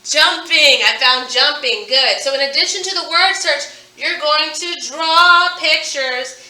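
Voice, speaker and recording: Bright, animated woman teaching phonics. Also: sits high, unhurried, echoey room, far from the mic, low-quality recording. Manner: upbeat, animated, stretching words to model sounds. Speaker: elementary school teacher. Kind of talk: recorded phonics lesson for young students.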